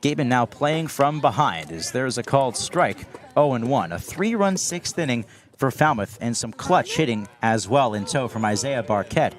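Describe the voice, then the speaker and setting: A young man doing baseball play-by-play commentary, steady between pitches and climbing high and loud on big plays. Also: moderate pace. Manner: steady calls that rise sharply on big plays. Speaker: play-by-play announcer.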